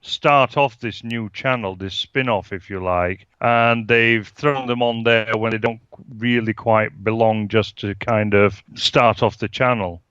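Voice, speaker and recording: Measured Yorkshire man, dull lo-fi sound. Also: lowish voice, steady tone, a bit bright, clean tone, dry recording. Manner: measured, musing, drawn-out phrasing. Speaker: podcast co-host, film reviewer. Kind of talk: casual review chat.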